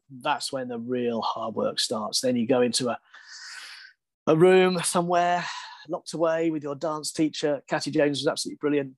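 A man is telling a story as a guest in an interview. He is lively and self-deprecating, and he laughs often. His voice sits at a middle pitch and sounds dry and close. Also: no room sound. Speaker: guest, sports broadcaster.

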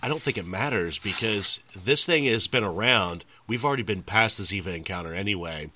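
A man in casual chat about a video game, excited and swearing freely. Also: fairly low pitch, fairly quick, no room sound. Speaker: gamer in a group chat.

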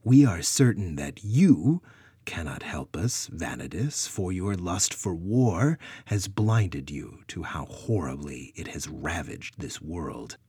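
Grumpy bigfoot elder, guy doing the voice, low and husky, talks down to everyone. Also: lively intonation, slow, dark tone, no room sound, clean studio sound, exaggerated voice. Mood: condescending. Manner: condescending, curt. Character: blunt, hostile Bigfoot council elder.

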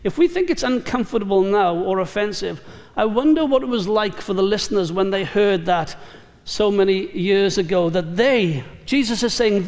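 A man preaching a sermon as pastor, measured and emphatic, building through repeated phrases. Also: high-pitched, expressive, a little mellow. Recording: long reverb of a large hall.

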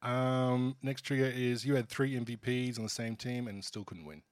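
A man's voice: mid-range voice, fairly even intonation, normal speed, no echo. A man with an Australian accent co-hosting a casual sports podcast, joking in a dry, offhand way. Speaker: podcast co-host. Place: small room at a table.

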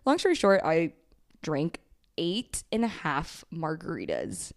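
A woman's voice: deep voice, huge pitch swings, a little slow. A young woman from Texas co-hosting a podcast, telling a rowdy story in casual, profane chat full of laughs and "like"s. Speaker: podcast co-host.

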